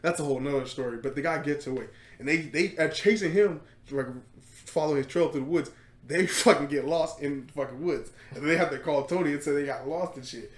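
A man hosting a podcast, retelling a story in casual chat, animated and laughing, with lots of fillers and swearing. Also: on the high side, fairly quick, roomy sound. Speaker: podcast host.

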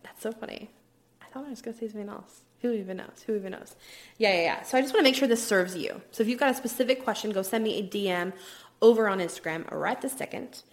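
A woman's voice: mid-range voice, fast. A woman hosting her own podcast, talking casually and upbeat, with lots of "like" fillers and the odd drop into a whisper. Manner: chatty, upbeat, many "like" fillers, drops into whispers at times. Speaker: podcast host. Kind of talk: casual solo podcast talk.

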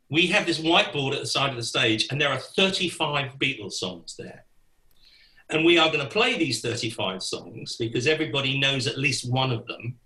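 Older man, lively anecdote-teller, bright slightly high voice, roomy echo. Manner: animated, acts out quoted voices, laughs through the story. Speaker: guest musician. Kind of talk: anecdotal storytelling.

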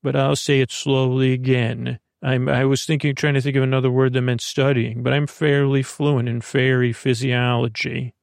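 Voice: medium pitch, level tone, moderate pace, creaky, hardly any pauses, dry recording, studio quality, lightly acted. An actor playing a dreamy, scatterbrained fairy herbalist who rambles and stammers in an audio drama. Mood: rambling.

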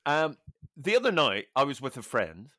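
A man's voice: mid-range voice, very animated, moderate pace, a bit bright. A British man co-hosting a podcast, telling anecdotes with mock-outraged banter. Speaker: podcast co-host. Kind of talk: casual comedic chat.

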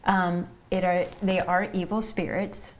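A woman's voice: on the low side, flat delivery, unhurried, a little hiss or hum. A woman from Ohio co-hosting a faith podcast, explaining earnestly in casual chat and backing her co-host with frequent "mm-hmm"s. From Ohio, United States.

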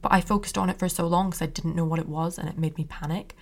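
A woman's voice: fairly low pitch, fairly even intonation, quick pace. A young woman hosting a personal podcast, talking openly in a chatty, reassuring way. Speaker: podcast host.

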